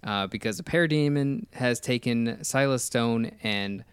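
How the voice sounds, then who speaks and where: A man's voice: mid-range voice, unhurried, clear, resonant tone, no echo. A man hosting a casual film commentary, enthusiastic and rambling, with many restarts. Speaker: podcast host.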